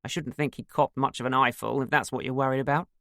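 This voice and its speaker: A reader voicing a wry, teasing husband. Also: male voice, mid-range voice, fairly even intonation, fast talker, creaky, a bit bright, no room sound, clean studio sound. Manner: wry, joking. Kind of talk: audiobook character voice.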